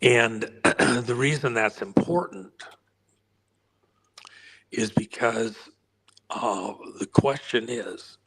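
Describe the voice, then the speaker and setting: Interview guest, male, losing his voice, husky and unhurried, lots of ums and throat clearing. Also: medium pitch, a bit bright, poor audio. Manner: frequent throat clearing and filler pauses. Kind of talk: rambling explanatory interview answer.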